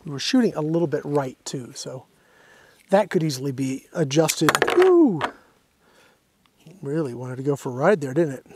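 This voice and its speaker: A man's voice: on the high side, fairly quick, darkish tone, a little hiss or hum. A man hosting a hands-on airgun review outdoors, a little out of breath, casually talking through each step as he goes.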